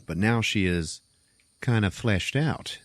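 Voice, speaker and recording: A man hosting a podcast, casually retelling a film's plot as an animated, profane storyteller. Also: lowish voice, slow pace, dry recording. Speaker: podcast host. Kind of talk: casual movie recap.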